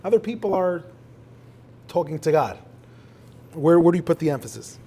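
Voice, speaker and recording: A male rabbi hosting a live conversation, his voice sitting a little high for a man. He tells stories with animation and slips into recited Hebrew prayer. A faint hum of room ambience lies behind him. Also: very animated, moderate pace, dark tone. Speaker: rabbi interviewing a guest. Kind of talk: live conversation before an audience. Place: synagogue hall with an audience.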